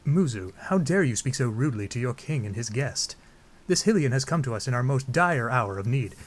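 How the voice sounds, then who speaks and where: A man voicing an earnest, polite young fish-folk prince in a measured, near-natural voice. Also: medium pitch, expressive, close to an everyday voice.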